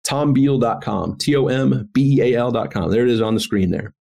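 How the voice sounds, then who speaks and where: A man speaks as a podcast guest in casual conversation. He sounds earnest and reflective, and his voice stays at a middle pitch. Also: a little fast, gravelly, mellow. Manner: earnest, reflective, faith-centered. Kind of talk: casual interview chat.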